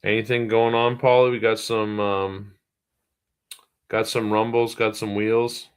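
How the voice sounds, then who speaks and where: A man with a low, deep voice chats casually on a livestream. He rambles along easily, with plenty of ums and you-knows. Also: little pitch movement, a little slow, smooth. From Boston area, US. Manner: easygoing, rambling, many fillers. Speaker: livestream co-host.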